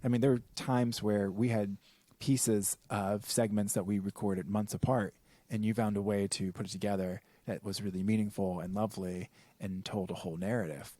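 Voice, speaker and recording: A man co-hosting a casual podcast with a somewhat low voice. He talks in a gushing, affectionate way with playful swearing. The sound is dry and close. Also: fairly even intonation, moderate pace, dry recording. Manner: warm, effusive, playfully profane. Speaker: podcast co-host. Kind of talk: casual chat.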